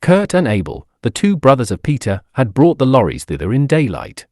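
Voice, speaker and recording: A man giving an expressive, dramatic audiobook narration on a close studio mic. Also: mid-range voice, moderate pace, dry recording.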